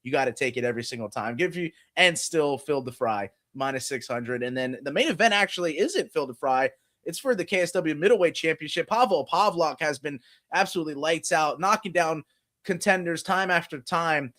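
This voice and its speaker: A man's voice: on the high side, lively intonation, brisk, fairly bright tone. A man co-hosting a podcast, chatting casually about fight betting with lots of "you know" fillers. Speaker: podcast co-host. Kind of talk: casual sports betting chat.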